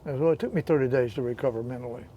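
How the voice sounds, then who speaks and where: A man's voice: medium pitch, very fast, warm tone, a little hiss or hum. A man in his eighties, a veteran paddler and interview guest, telling stories in casual chat with a teasing manner and frequent laughter. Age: 80s. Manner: teasing storyteller, laughs often.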